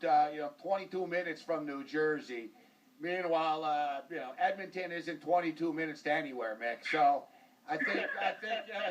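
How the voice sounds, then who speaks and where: A high-voiced male host riffs loosely on sports, piling up fillers and jokes as he goes. He sits a little back from the mic. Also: far from the mic, low-quality recording. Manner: rambling, joking, full of fillers like "like" and "uh". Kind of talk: casual sports talk show banter.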